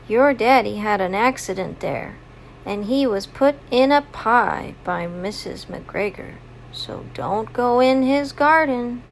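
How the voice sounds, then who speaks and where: A woman's voice: a little high, takes it slowly, creaky, a little hiss or hum, rough recording. A woman voicing a mother rabbit warning her little ones to stay safe. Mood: stern warning. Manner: stern, protective.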